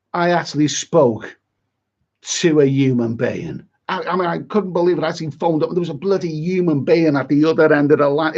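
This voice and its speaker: A man's voice: on the high side, darkish tone, muffled recording. A middle-aged man on a livestream, chatty and exasperated, rambling with many repeats and asides. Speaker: travel vlogger on a livestream.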